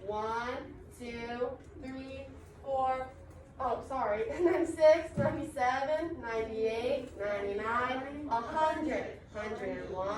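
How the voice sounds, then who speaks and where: A woman's voice: on the high side, recorded from a distance. A young woman teaching a class, upbeat and encouraging as she explains step by step. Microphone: far camera. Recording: echoey classroom recorded from afar, background noise.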